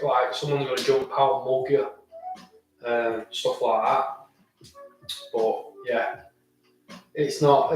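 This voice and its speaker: A man's voice: mid-range voice, distant mic. Chatty man, echoey room. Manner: rambling, chatty, with many restarts and fillers. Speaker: vlogger answering live chat. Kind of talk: casual live chat.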